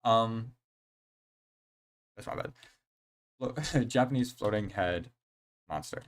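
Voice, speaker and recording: A young man streaming a horror game, chatting casually in an excitable, rambling way full of slang and fillers. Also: on the low side, slow pace. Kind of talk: casual live-stream chat.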